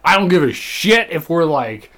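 A tipsy young man co-hosting a podcast, loud, crude and rambling, swearing often. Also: on the high side, big pitch swings, moderate pace. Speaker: podcast co-host. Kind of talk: casual drunk banter.

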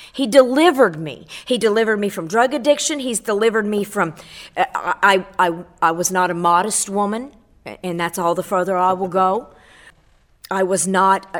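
A middle-aged woman giving a fervent spoken testimony on a radio program, quoting scripture and swelling on key phrases. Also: mid-range voice.

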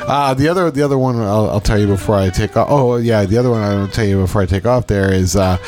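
A man's voice: on the low side, fast talker, faint music behind. A man co-hosting a casual podcast, telling funny work stories and acting out the people in them. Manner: animated, jokey, acts out voices. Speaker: podcast co-host; medical scanning technician. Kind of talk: casual storytelling chat.

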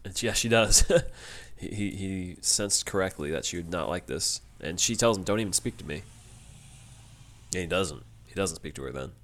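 A man talking through an episode recap in casual podcast chat. His voice sits fairly low, relaxed and wry. He retells the plot by quoting the characters. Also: normal speed, few pauses. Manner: easygoing, wry, retells plot with quoted lines. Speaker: podcast co-host.

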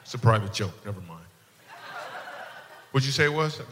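A man's voice: on the low side, animated, moderate pace, fairly bright tone. A male stand-up comedian doing crowd work on stage, teasing audience members in a playful way and laughing at his own jokes. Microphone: handheld stage mic. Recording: long hall reverb, faint room noise.

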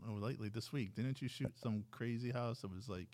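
A man's voice: medium pitch, fairly quick, a little mellow. A man hosting a podcast in casual banter, rambling and laughing often. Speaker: podcast host.

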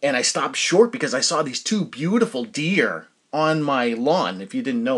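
Medium in pitch, animated, a bit bright and husky, this man talks at a moderate pace. He is a middle-aged podcast host from New Hampshire whose casual solo show is rambling and chatty, full of fillers and restarted sentences.

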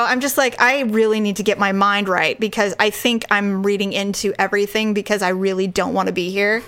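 A woman's voice: a little high, fairly bright tone. A woman telling a story in a casual podcast chat. She acts out the other people's lines and laughs often.

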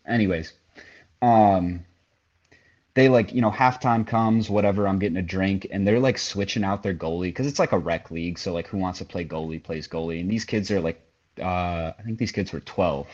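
Low-voiced young man telling a story. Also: moderate pace, darkish tone, highs cut off. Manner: storytelling, heavy filler words. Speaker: podcast co-host. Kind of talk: casual chat.

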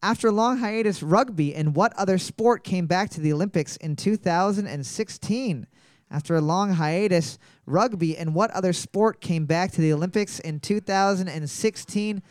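A man's voice: sits high, normal speed, dry recording, studio quality. A man hosting a casual trivia quiz, joking, swearing freely and reading each question twice. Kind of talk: casual comedic banter.

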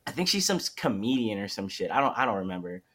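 A man's voice: on the low side, very animated, quick pace, bright, forceful tone. A man in his twenties co-hosting a podcast, ranting in loose, profane slang during a casual chat. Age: 20s. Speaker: podcast co-host.

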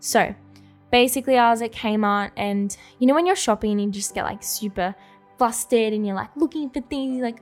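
A young woman with a slightly high voice speaks earnestly and from the heart, co-hosting a casual faith podcast. She fills her talk with "like" and "you know". Faint music sits quietly under her voice. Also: moderate pace. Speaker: podcast co-host.

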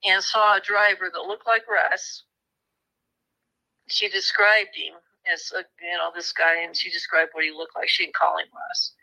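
Bright-voiced woman telling a true crime story. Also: on the low side, little pitch movement, normal speed, gravelly, rough recording. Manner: vivid retelling with quoted voices and restarts. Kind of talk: storytelling interview.

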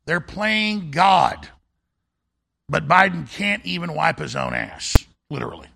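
A man's voice: fairly high pitch, animated, a little slow, creaky, background noise. A male talk show host delivering a fiery, emphatic political monologue in a ranting manner.

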